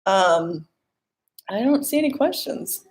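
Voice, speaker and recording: A young woman talks casually on a live stream, coaching her viewers. She reads out their questions and answers them in a chatty, easygoing way, with plenty of filler words. Her voice sits in a middle pitch for a woman. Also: lively intonation, slow, a little mellow, slight background noise. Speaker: life coach.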